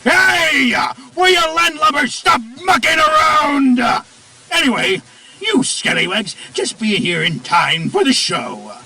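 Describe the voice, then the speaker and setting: A rowdy male pirate fox animatronic barks his lines in a very high, gravelly squawk. He drags each shouted phrase out slowly, with wild swoops in pitch, and the sound is bright and biting. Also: sing-song, full character voice, low-quality recording. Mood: gruff scolding. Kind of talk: cartoon voice acting.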